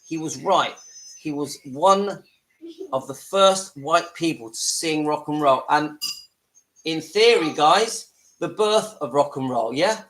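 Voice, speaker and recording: A man's voice: on the high side, animated, slow pace, rough recording. Chatty man hosting a livestream. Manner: chatty, talks to viewers, breaks off to hush children. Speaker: livestream host. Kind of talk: casual live-stream chat. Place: home with family around.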